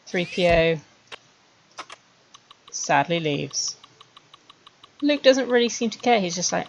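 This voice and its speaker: Low gravelly woman streamer. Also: lively intonation, slow pace, pauses often, highs cut off, a little hiss or hum. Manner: chatty, wry, laughing at herself. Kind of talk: casual commentary while making a 3D animation.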